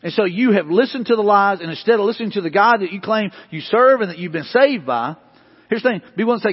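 A man's voice: sits high, animated, quick pace, husky. A man preaching a sermon as pastor, earnest and emphatic, repeating his points. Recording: dull sound with long hall reverb.

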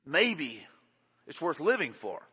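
A male pastor with a high voice delivers an emphatic, conversational sermon, often circling back and repeating phrases. He sounds like he is in a large church hall with a long tail of reverb, and the recording is dull and lo-fi. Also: very animated, slow pace, husky.

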